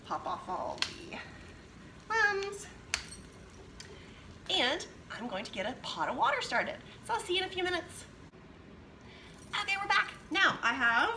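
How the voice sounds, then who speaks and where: High lively woman talking through a recipe at home, pans clinking, noisy kitchen. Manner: chatty, talks through each step. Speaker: cooking show host. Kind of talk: casual cooking demonstration.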